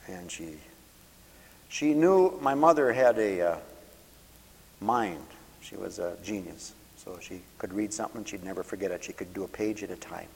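A man preaching a radio sermon with passion, swelling loud on scripture and dropping low to tell stories. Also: moderate pace, creaky, slightly rough. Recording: long hall reverb.

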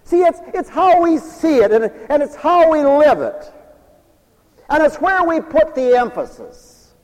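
A man preaching a folksy, animated radio sermon with humorous asides. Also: very high voice, a little slow, long reverb tail, low-quality recording.

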